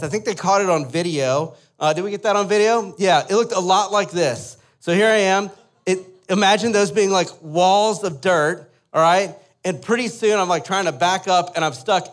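A young adult man, a pastor, telling a lively personal story in a sermon and asking the listeners to imagine along with him. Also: a little high. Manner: animated storyteller, asks the audience to imagine.

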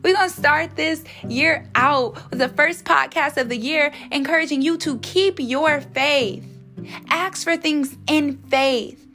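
A high-pitched woman hosts a faith podcast. She talks in an informal, slangy way and prays fervently, repeating her appeals in a steady cadence. Soft music plays faintly beneath her voice. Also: unhurried. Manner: fervent, repetitive prayer cadence. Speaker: podcast host. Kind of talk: faith podcast devotional and prayer.

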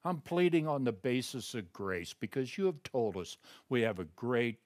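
A man's voice: mid-range voice, sing-song, normal speed. Man preaching a sermon, pulpit voice. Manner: swings between raised emphatic reading and hushed prayerful murmur. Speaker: pastor.

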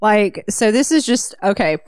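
A woman's voice: medium pitch, animated, moderate pace, a little mellow, no echo, clean studio sound. A woman co-hosting a book podcast, chatting casually about a novel with eager commentary and frequent laughter.

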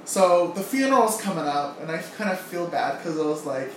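A woman's voice: sits low, animated, brisk. A woman co-hosting a casual chat, blunt and teasing with a joking edge. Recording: echoey room, mic at a distance, faint noise.

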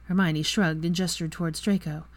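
Woman reading fanfic, low steady voice, dry close sound. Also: normal speed, dry recording. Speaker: fan fiction reader. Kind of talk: story narration.

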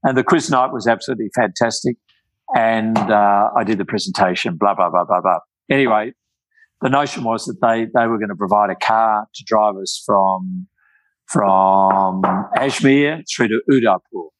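Older Aussie man, chatty storyteller, stumbles and restarts, lower voice, dry close recording. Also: no echo, rough recording. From Australia. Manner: halting, many restarts and repeated words. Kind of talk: casual chat, storytelling.

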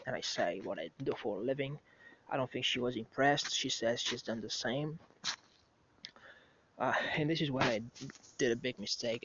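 A man's voice: medium pitch, a bit bright. Brief: male vlogger, casual storytelling, restarts often, dull lo-fi recording, faint background noise. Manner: rambling, with frequent restarts and asides. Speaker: vlogger telling a dating story.

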